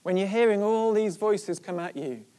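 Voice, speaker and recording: A preacher in the middle of a sermon, retelling a story with animated energy and a mid-range voice. The talk is driven by rhetorical questions aimed at the listeners. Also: medium pitch, normal speed.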